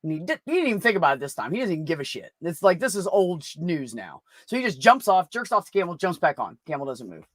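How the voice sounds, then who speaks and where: A man's voice: fairly high pitch, very animated, quick pace, few pauses, a bit bright, no echo. A man telling a long crude joke in a rambling, profane way at an open mic, laughing at his own punchlines.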